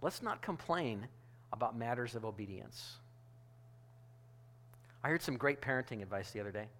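A man's voice: medium pitch, animated, normal speed, a bit bright. A male pastor delivering a sermon in a conversational, emphatic way, often restarting his phrases.

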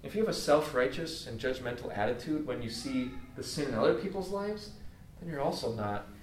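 This is a conversational sermon from a man with a mid-range voice and lively intonation who talks a little fast. He's earnest and informal, with many fillers, as if chatting. A distant mic in an echoey room picks him up, with slight background noise.

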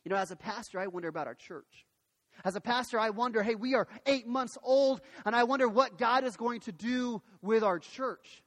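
A man preaching a sermon as pastor, telling a story in an animated way, often restarting his sentences. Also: very high voice, normal speed. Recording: long hall reverb.

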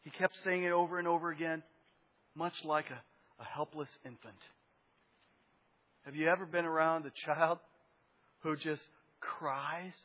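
A man's voice: fairly high pitch, fairly even intonation, a little slow, pauses often, long reverb tail, muffled recording. A man preaching a sermon as pastor, conversational, with rhetorical questions and asides to the congregation.

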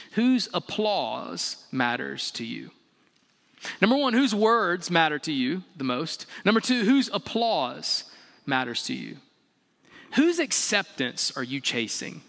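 A male pastor preaches in a large church hall. His voice is bright and forceful and sits a little high. He hammers repeated rhetorical questions and swings between loud and hushed, with a long reverb behind him. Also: vocal fry. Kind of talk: sermon.

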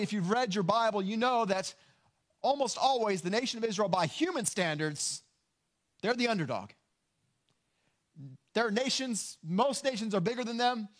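A man preaching a sermon, earnest and emphatic, slowing down to stress key lines. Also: high-pitched. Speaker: pastor.

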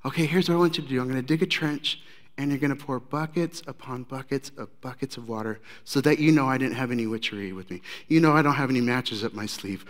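A preacher voicing a cocky male prophet who taunts his rivals loudly and sarcastically during a sermon story. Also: fast talker, in a large hall, close to an everyday voice. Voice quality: loud, high and jeering. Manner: sarcastic, teasing.

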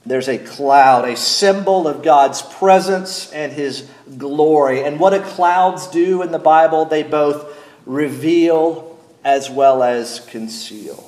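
A middle-aged man preaching a sermon as pastor, speaking deliberately and asking his congregation questions. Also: fairly high pitch, a little mellow, echoey room.

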